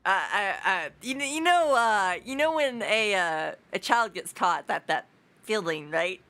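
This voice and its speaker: A woman's voice: mid-range voice, lively intonation, measured pace, bright, forceful tone. A woman playing a tabletop game, talking in a giggly, stumbling, rambling way. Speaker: player. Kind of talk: tabletop role-play chat.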